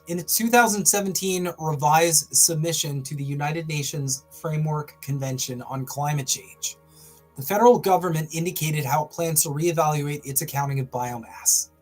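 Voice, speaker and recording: A man's voice: on the high side, moderate pace, soft background music. A man hosting a livestream, reading an article aloud and breaking off into wry, sarcastic asides. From Canada. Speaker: host.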